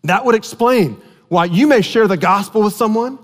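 A man's voice: high voice, moderate pace, big-room sound. A man preaching a sermon as a pastor, talking in a conversational storytelling way and repeating key phrases for emphasis.

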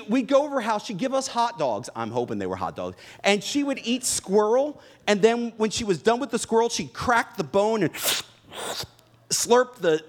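Animated preacher man, high lively voice. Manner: animated, jokes with the congregation. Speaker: pastor. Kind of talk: sermon with humorous stories. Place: church before a live audience.

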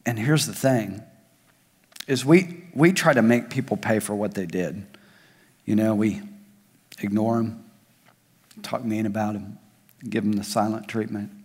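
A male pastor preaching a sermon, swinging between raised emphasis and soft, hushed asides. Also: lowish voice, measured pace, pauses often, breathy edge. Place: large church hall. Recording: long hall reverb.

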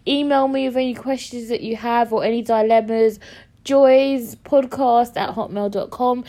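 A woman hosts a casual podcast in a fairly high voice. She talks in frank, crude banter and keeps breaking into giggles. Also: steady tone, normal speed, dark tone. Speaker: podcast host. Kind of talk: casual chat.

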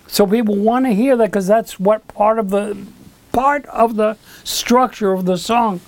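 A man's voice: high voice, measured pace, no echo. An older man telling stories as an interview guest, rambling with asides and acting out the voices of people he quotes. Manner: animated, acts out quoted dialogue. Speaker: guest, recording engineer. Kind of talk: storytelling in an interview.

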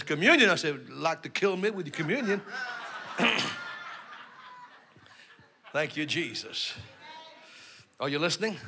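A man preaching a sermon who shouts call-and-response lines to the congregation, then drops to a quiet storytelling tone. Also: a little high. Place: church service.

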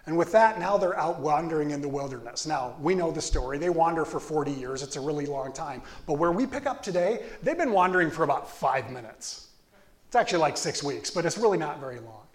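A man's voice: a little high, animated, a little fast. A male pastor preaching a sermon in a casual, joking storytelling way.

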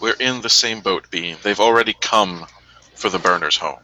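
Man role-playing, bright and formal. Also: on the low side, normal speed, rough recording. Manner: earnest, formal, resolute. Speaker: player. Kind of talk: in-character tabletop role-play.

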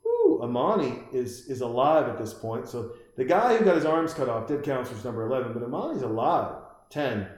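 A young man talks his way through a horror film in casual commentary, jumping between excited outbursts and side chatter. He calls out to the characters on screen as if they could hear him. His voice sounds mid-pitched and bounces around a very echoey room. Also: a little fast. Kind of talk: casual live film commentary while drinking beer.

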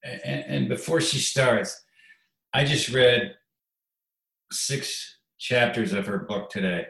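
A man's voice: medium pitch, slow pace, creaky, fairly bright tone, echoey room, rough recording. A man speaking as a guest in an interview, plainspoken and openly emotional, often repeating himself. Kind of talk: conversational interview.

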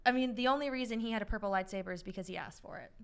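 A woman's voice: medium pitch, racing, vocal fry, clear, resonant tone. A young adult woman hosting a podcast in chatty casual conversation, swearing lightly and laughing often. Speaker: podcast host. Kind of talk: casual chat.

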